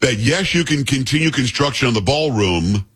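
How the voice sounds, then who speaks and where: A man's voice: medium pitch, animated, moderate pace, very noisy. A man hosting a radio talk show, telling joking, rambling stories in casual banter. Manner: rambling, joking storyteller with restarts.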